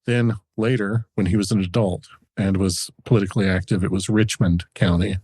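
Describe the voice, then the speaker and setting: A man's voice: deep voice, fairly even intonation, a little fast, a little mellow, breathy edge, no room sound. A man co-hosting a podcast, telling a history story in a chatty, researched way with frequent chuckles. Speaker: podcast co-host.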